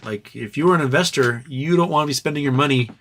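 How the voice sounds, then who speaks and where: A man's voice: mid-range voice, quick pace, a bit bright. A man hosting a casual livestream, reading viewer comments aloud and riffing on them in a loose, joking, profane way. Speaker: livestream host.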